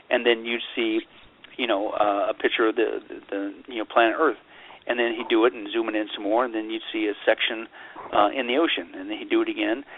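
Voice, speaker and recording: A man, a pastor being interviewed, talking in a lively, sarcastic way and slipping into mocking voices to make his point. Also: mid-range voice. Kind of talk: animated interview talk. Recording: tinny phone-line audio.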